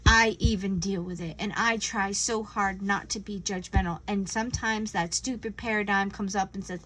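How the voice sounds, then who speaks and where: A woman giving a casual spiritual tarot reading, earnest and gentle, often acting out imagined conversations. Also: medium pitch, steady tone, normal speed, hardly any pauses, rough recording. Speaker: tarot reader.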